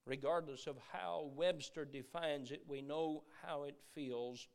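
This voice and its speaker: A middle-aged man preaching a sermon, earnest, repeating words as he goes and dropping from loud emphasis to a hush. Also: fairly high pitch, fairly even intonation, measured pace, vocal fry.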